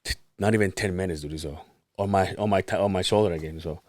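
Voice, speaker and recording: He has a low-pitched voice and talks fast, recorded with no room sound. As a podcast co-host, he spins a story in easygoing chat, cursing and performing other people's lines with animation.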